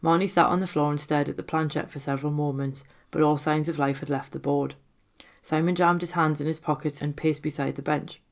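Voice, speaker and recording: A woman reads her own ghost story aloud with steady, suspenseful narration. Her voice sits low in pitch. It carries a gravelly, creaky texture. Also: brisk.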